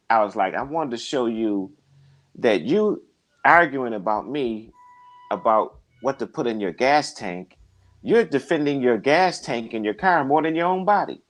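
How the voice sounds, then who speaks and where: A man's voice: medium pitch, lively intonation, normal speed. A man talking casually, preaching and telling stories, and acting out the people he quotes. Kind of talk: casual conversation, storytelling.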